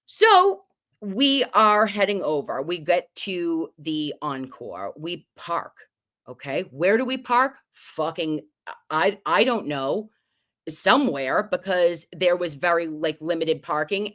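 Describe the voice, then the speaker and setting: A woman with a lowish voice hosts a casual livestream, recapping an evening out. She talks in an animated, storytelling way, swearing freely as she goes. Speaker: livestream host.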